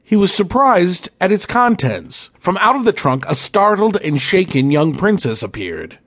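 Animated male storybook narrator. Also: high-pitched, unhurried. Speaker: audiobook narrator.

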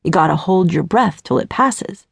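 A woman voicing a cocky teenage boy with an easy, playful, teasing way of talking, low and a little gravelly. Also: expressive, normal speed, no echo, clean studio sound, heavily acted. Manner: teasing, laid-back drawl.

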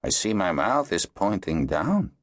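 A man voicing a patient, direct male dragonrider teacher who asks a child questions in a gently probing way. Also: deep voice, sing-song, measured pace, dry recording, studio quality, full character voice. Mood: gentle.

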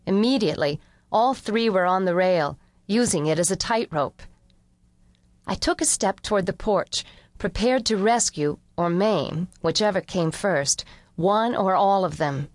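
A woman narrating an unabridged mystery audiobook in the first person, with a measured, wry storytelling delivery. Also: mid-range voice, animated, dry recording.

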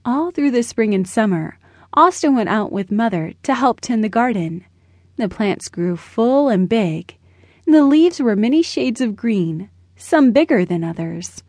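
A woman narrating a children's storybook in a gentle, measured way, close to the mic. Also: a little high, lively intonation, no room sound. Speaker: audiobook narrator.

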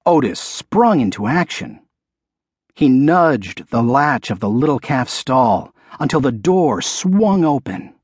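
Husky-voiced man reading a children's storybook. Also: takes it slowly, no echo, studio quality. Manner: expressive storytelling, dropping low for the bull's menace. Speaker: audiobook narrator.

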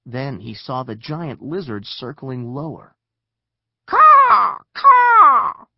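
Expressive male audiobook narrator, unhurried. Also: medium pitch, no echo, lo-fi sound. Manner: expressive storytelling. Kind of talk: scripted children's narration.

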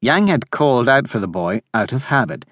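A man narrating an audiobook in a steady, measured way. His voice sits at a mid pitch and is recorded dry and close on a studio mic. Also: no room sound. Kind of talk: scripted narration.

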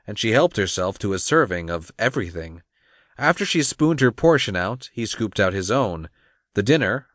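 A man narrating a romance audiobook, reading in an expressive storytelling manner. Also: on the low side, no echo, studio quality. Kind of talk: scripted narration.

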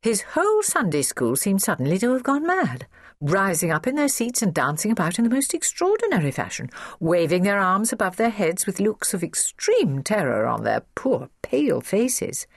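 A woman narrating a children's audiobook in an expressive, storytelling way, recorded in a studio. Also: medium pitch, normal speed, no room sound.

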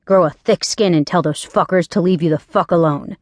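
A woman narrating an audiobook, voicing a gruff former cop man who speaks in a flat, clipped way without emotion. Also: fairly low pitch, a little fast, no echo, close to an everyday voice. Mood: blunt.

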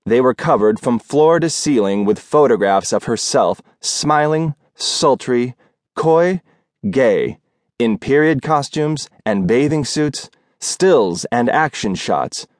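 A male audiobook narrator reading a novel in a measured, wry storytelling manner. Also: mid-range voice, lively intonation, no echo, studio quality. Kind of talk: scripted narration.

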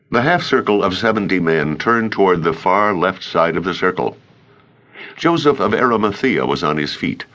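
Deep-voiced, lively male audiobook narrator. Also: normal speed, lo-fi sound. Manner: expressive, dramatic reading. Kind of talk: scripted narration.

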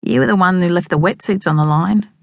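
A woman voicing a complaining teenage brother who answers back quickly. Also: lowish voice, vocal fry, no room sound. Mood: grumbling. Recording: dry close studio sound.

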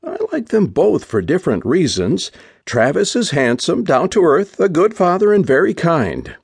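A man voicing a polite, hesitant young blonde woman in an audiobook, his voice lifted higher for her. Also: wildly swooping pitch, normal speed, vocal fry, husky, no echo, studio quality, heavily acted. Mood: uncertain. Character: young blonde woman, torn between two suitors.

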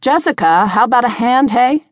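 A woman voicing a gruff, brisk middle-aged woman who keeps a tavern. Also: mid-range voice, expressive, dry recording, lightly acted. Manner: brisk, loud and cold.

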